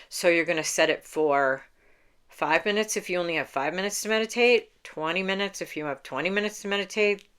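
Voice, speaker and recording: Low, smooth-voiced woman meditation coach. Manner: calm, unhurried, explains step by step with small laughs. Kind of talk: instructional talk to camera.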